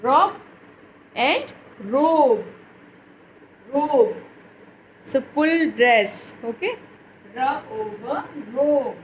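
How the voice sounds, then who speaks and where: A woman teacher leading a phonics lesson for young children, reading words aloud slowly in a sing-song way. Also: high voice, animated, slight background noise, low-quality recording. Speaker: English teacher.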